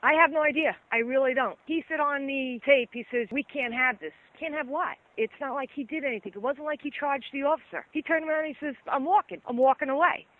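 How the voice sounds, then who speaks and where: A woman's voice: high-pitched, fast, hardly any pauses, no echo. A woman police officer, a guest on a phone-in interview, recounting an incident in emphatic detail and quoting what people said. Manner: detailed, emphatic storytelling with quoted dialogue. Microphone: telephone. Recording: tinny phone line.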